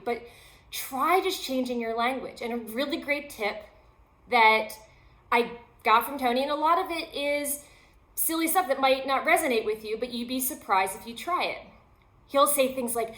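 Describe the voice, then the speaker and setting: A woman's voice: high-pitched, fairly bright tone, reverberant. A woman host and yoga teacher giving a motivational self-help talk, upbeat and chatty, with self-deprecating humor.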